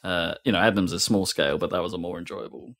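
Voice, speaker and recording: A man's voice: sits low, fast talker, a bit bright. A man co-hosting a podcast, telling a rambling, laughing story in casual chat. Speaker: podcast co-host.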